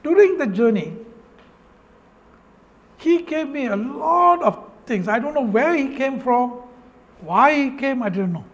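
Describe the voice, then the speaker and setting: A man with a Malaysian English accent and a fairly high voice tells his life story to an audience. He speaks earnestly and with feeling, breaking off mid-phrase and circling back to repeat himself. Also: animated, a little slow, long pauses. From Malaysia, Penang. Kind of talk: personal story speech.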